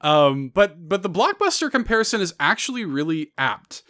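A man's voice: high-pitched, normal speed. A man, co-hosting a casual gaming podcast and telling stories with lots of laughs. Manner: animated storyteller, laughs often. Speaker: podcast co-host. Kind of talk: casual chat.

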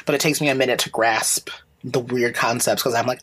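A woman's voice: extremely low pitch, steady tone, brisk, fairly bright tone, slightly rough. A young woman co-hosting a podcast in casual chat, swearing freely and telling stories with mocking voices. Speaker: podcast co-host.

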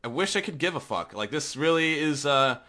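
Male podcast co-host, bright tense tone, sarcastic and profane, casual gamer chat. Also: on the high side, a little fast. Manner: profane, sarcastic, animated rants.

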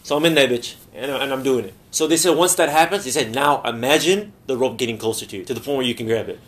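A man hosting a casual podcast, animated storytelling, swearing and laughing often. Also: mid-range voice, quick pace. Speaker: podcast host.

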